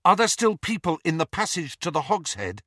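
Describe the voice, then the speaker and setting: A man's voice: a little high, big pitch swings, bright, forceful tone, dry recording, clean studio sound, voice pushed up, exaggerated voice. Man doing Harry, an urgent teen wizard. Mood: earnest. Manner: fast, urgent. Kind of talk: audiobook character voice.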